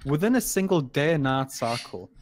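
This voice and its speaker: A man co-hosting a casual gaming podcast, complaining with deadpan exaggeration. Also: fairly high pitch, normal speed, slight background noise. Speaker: podcast co-host. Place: in Africa.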